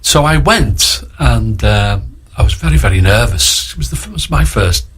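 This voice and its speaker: A man's voice: mid-range voice, animated, moderate pace, fairly bright tone, breathy edge. A man in his sixties from Liverpool, with a Liverpool accent, telling rambling show-business stories as a guest on a radio interview. He keeps acting out what other people said. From Liverpool, England. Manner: rambling storyteller who acts out other people's lines. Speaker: guest actor.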